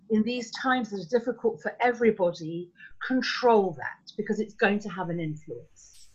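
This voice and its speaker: A woman giving a parenting workshop talk in a measured, thoughtful way, with frequent ums and words slowed for emphasis. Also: a little high, fairly bright tone. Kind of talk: live online talk. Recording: dull lo-fi sound.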